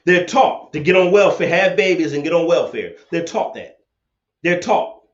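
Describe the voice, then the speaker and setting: A man's voice: fairly high pitch, lively intonation, normal speed. A man hosting a livestream debate, ranting confrontationally and repeating his points over a laptop webcam setup. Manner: confrontational, preachy, repeats himself. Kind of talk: livestream rant and call-in debate. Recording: echoey, dull lo-fi webcam audio.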